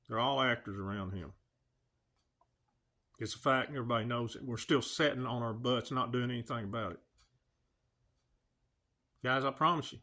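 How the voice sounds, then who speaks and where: Speaking at a moderate pace with long pauses, this man has a medium-pitched voice and a sharp tone. He hosts a video channel and addresses viewers directly in an emotional rant, earnestly pleading and throwing out one rhetorical question after another.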